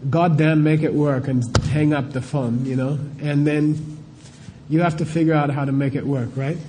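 A man's voice: mid-range voice, steady tone, normal speed, noisy background. A middle-aged man giving an informal spiritual teaching talk, conversational, often asking his listeners rhetorical questions and checking in with "okay?".

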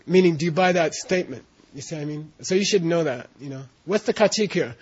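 Speaking quickly and animatedly, a man with a slightly rough voice on the high side teaches a class. He keeps checking in with his students as he explains, and the classroom recording is dull and lo-fi.

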